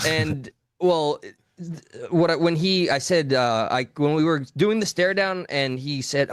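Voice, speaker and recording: A man co-hosting a live call-in talk show, telling a story in a blunt, profane, animated way. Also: fairly high pitch, a little slow, clean tone, no echo, clean studio sound. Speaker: podcast co-host.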